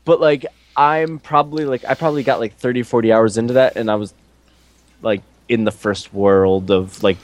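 A man's voice: mid-range voice, fairly even intonation, normal speed, no echo. A man chatting casually about video games, rambling with many fillers and playful mock quotes. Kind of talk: casual gaming chat.

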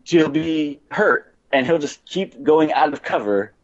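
A man's voice: on the high side, lively intonation, unhurried, lo-fi sound. A man chatting casually about video games on a podcast, rambling with lots of fillers and restarts.

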